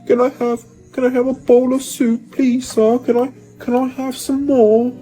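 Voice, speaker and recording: High, whiny beggar voice, a man mocking it, slow and pleading, over background music. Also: flat delivery, warm tone. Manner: pleading, whimpering. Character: pitiful whining male peasant beggar.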